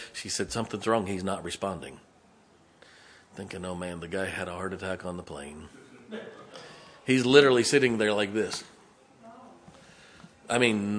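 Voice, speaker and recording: An older man preaching a sermon. He tells a story in a hushed, folksy way, then builds to fervent, rising preaching. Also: low voice, slight background noise.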